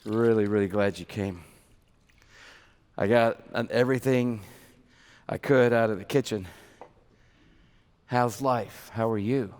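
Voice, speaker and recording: A man voicing God as a gracious king welcoming a guest to his table, soft-spoken and low, with a long hall reverb behind him. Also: measured pace, long pauses, natural voice. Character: God as a gracious male king hosting a meal.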